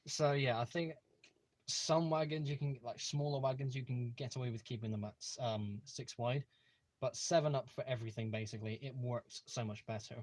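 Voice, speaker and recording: Speaking at a normal speed in a medium-pitched, fairly even voice, a young man runs a casual home livestream. His chat is eager and meandering, packed with fillers and restarts.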